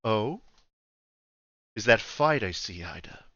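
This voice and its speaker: A man voicing an ancient dragon emperor in human form, refined and domineering, speaking slowly. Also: expressive, fairly bright tone, dry recording, highs cut off, exaggerated voice. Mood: imperious. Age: older. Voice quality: deep, refined voice. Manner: slow, domineering, imperious.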